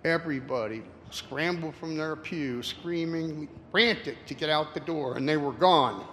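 A man in his sixties giving a casual slide talk with anecdotes to an audience, rambling and halting with many fillers. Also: fairly high pitch, a bit bright. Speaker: presenter. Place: room with an audience. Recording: reverberant hall, faint noise.

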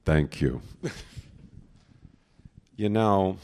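A man's voice: low voice, very slow. A man, a voice actor, telling anecdotes to a crowd at a convention in a large hall, laughing as he goes. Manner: animated storyteller who laughs and slips into voices. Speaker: voice actor giving a talk.

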